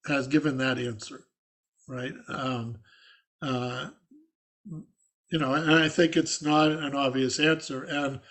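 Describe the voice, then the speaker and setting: An older man, a rabbi, teaching an adult class over a video call in a halting, scratchy voice full of restarts. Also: fairly high pitch, fairly bright tone. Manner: halting, with many fillers and restarts. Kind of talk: informal online lecture.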